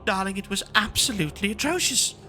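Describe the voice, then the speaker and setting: A man's voice: sits high, expressive, fast talker, bright, forceful tone, slight background noise, voice pushed up, full character voice. A man voicing a haughty noblewoman who is dramatic and fussy. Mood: indignant. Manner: pompous, theatrical.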